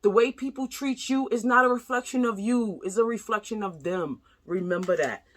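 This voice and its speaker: A woman's voice: mid-range voice, moderate pace. A middle-aged woman giving a tarot reading to her viewers in a chatty, sassy, direct way. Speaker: tarot reader. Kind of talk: casual tarot reading monologue.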